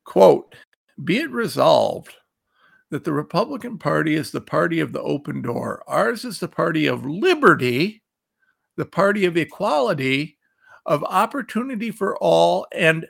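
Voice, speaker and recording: A man's voice: high-pitched, expressive, normal speed, creaky, fairly bright tone. A man hosting a political commentary show, ranting angrily and reading out quotes between insults. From Ohio. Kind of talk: fired-up political commentary monologue.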